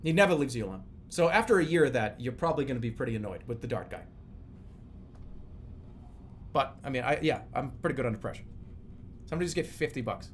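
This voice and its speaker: A man in his thirties streaming live, chatting casually in a rambling, profane, animated way. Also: mid-range voice, racing, a little hiss or hum. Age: 30s.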